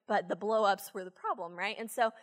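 A woman preaching a sermon, telling a story from her teaching days in an animated, chatty way with many fillers. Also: mid-range voice, a little fast, big-room sound. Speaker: church speaker, former teacher.

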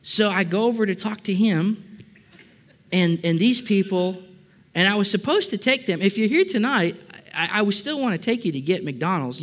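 A man preaches in a loose, chatty way, tossing questions and jokes to his congregation. His voice sits a bit high for a man. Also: fairly bright tone. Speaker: pastor. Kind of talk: conversational sermon. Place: church service before a congregation.

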